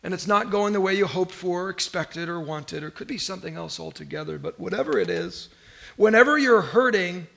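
A pastor from Northern California delivers a sermon in a noticeably high voice for a man. He talks casually but with emphasis, often repeats his phrases, and calls on the congregation to respond. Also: very animated, brisk, gravelly, fairly bright tone.

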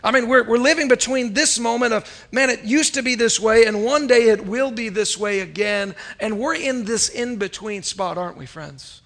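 A man's voice: very high voice, moderate pace, hardly any pauses, fairly bright tone. A man preaching a sermon to a congregation, telling a story and asking them questions. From United States. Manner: preacherly, rising and falling, asks the congregation questions. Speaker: pastor.

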